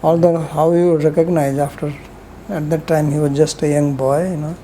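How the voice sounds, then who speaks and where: Low, mellow-voiced woman lecturing. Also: fairly even intonation, moderate pace, a little hiss or hum, rough recording. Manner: rambling, conversational, frequent "you know" asides. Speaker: scripture lecturer. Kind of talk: storytelling lecture on scripture.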